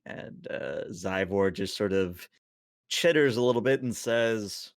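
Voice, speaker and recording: A relaxed man narrates his characters' actions in a tabletop game. His voice sits low and easy. The recording is close and dry. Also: a little slow, no echo. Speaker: player.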